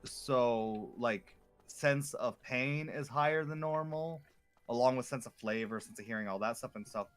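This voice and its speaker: A man's voice: medium pitch, measured pace, a bit bright, faint music behind. A man chatting casually with a friend while playing an online game, telling rambling stories full of fillers. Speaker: co-op gamer. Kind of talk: casual chat while gaming.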